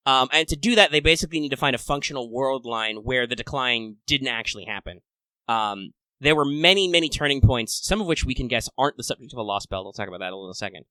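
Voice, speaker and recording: A man co-hosting a casual fan podcast, talking in a chatty, playful, upbeat way with excited asides. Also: mid-range voice, fast, dry recording. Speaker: podcast co-host.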